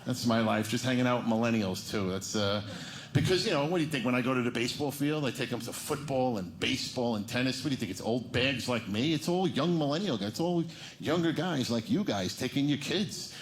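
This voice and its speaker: A man's voice: medium pitch, lively intonation, fairly quick. A man in his fifties doing stand-up in a club, telling rambling, self-mocking stories about his family. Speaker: stand-up comedian. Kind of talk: stand-up comedy set. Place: comedy club stage. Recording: echoey noisy club room.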